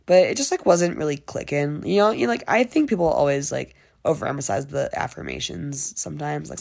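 A woman's voice: deep voice, sing-song, brisk, creaky, hardly any pauses, a little mellow. A young woman in casual diary-style chat, rambling with lots of fillers and frequent swearing. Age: young adult. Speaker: vlogger.

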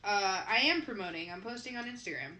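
A woman's voice: medium pitch, animated, fast, sharp tone. A young Midwestern American woman co-hosting a podcast, chatting casually and laughing often. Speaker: podcast co-host. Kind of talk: casual chat. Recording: echoey room with faint noise.

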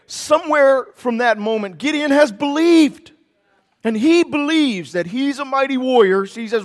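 A man preaching a sermon, animated, acting out the characters of the story in their own voices. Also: very high-pitched, measured pace, long reverb tail. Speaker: pastor.

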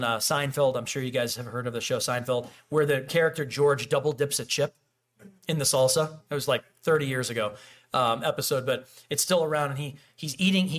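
A man preaching a casual, conversational sermon, animated and acting out little quoted exchanges. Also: mid-range voice. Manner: animated, acts out quoted dialogue, frequent restarts and fillers. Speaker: pastor.

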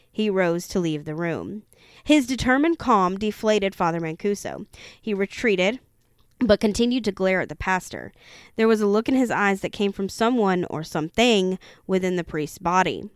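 A woman reads a haunted-house book aloud at an even storytelling pace. Her voice is smooth and clean, sitting in the middle of the range. The sound is dry, with no room around it, and she sometimes stumbles on a word and goes back over it. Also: mid-range voice, normal speed, no room sound. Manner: steady storytelling with occasional stumbles and self-corrections. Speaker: reader of a true-haunting book. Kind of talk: reading a horror book aloud.

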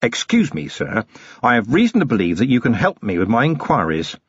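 A man reading the part of a stern, middle-aged police commander who talks in a quietly threatening, clipped and ironic way. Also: mid-range voice, huge pitch swings, brisk, breathy edge, lo-fi sound, exaggerated voice. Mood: menacing. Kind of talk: audiobook character reading.

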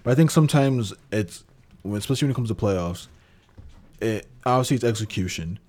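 Rich: A laid-back man on a casual sports podcast talks through his analysis aloud in a very deep voice. His tone is dark and mellow, and he builds each point step by step in an easy, relaxed way. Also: brisk.

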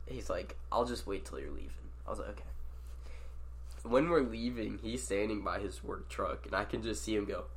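A man telling a story in casual chat with friends, animated, swearing and acting out quotes. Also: on the low side, moderate pace.

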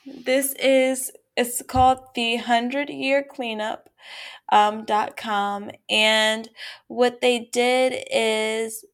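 A woman co-hosting a podcast in casual chat, measured and reflective, drawing out her phrases. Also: on the high side, steady tone. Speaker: podcast co-host.

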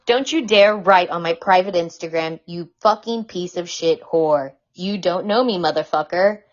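A woman impersonating a furious, foul-mouthed man who shouts insults, in a dull lo-fi recording. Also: fairly low pitch, moderate pace, natural voice. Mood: furious ranting. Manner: shouting profanity.

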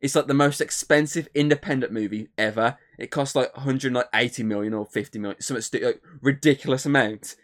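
A man's voice: medium pitch, a little fast, hardly any pauses. A man co-hosting a podcast, chatting casually, rambling with lots of filler words and swearing. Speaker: podcast co-host. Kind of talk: casual chat.

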